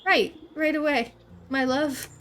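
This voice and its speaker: A woman's voice: sits high, fairly even intonation, takes it slowly, fairly bright tone, a little hiss or hum, pitched above the performer's own voice. A woman doing a timid, stammering beekeeper man. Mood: nervous. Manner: nervous, stammering, fawning. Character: timid lovesick male beekeeper, eager to please.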